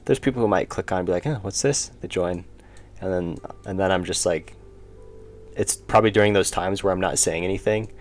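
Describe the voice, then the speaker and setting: Streaming as an indie game developer, this man talks a little fast with fairly even intonation, chatting casually as he draws. His manner is low-key, and he frequently mutters to himself while working, over faint background music.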